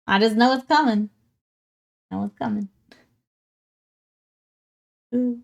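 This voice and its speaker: A woman's voice: fairly high pitch, slow pace, creaky, long pauses. Chatty giggly woman streamer. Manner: chatty, laughs often, greets chat. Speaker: livestreamer. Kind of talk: casual chat with viewers while hobby painting.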